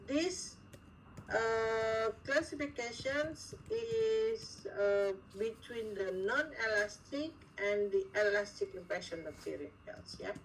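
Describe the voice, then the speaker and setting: A woman with an Indonesian accent giving an academic lecture, talking haltingly with many fillers and repeated "yeah" tags. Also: fairly high pitch, a little hiss or hum. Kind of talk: academic lecture on dental materials. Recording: distant mic, faint room ambience.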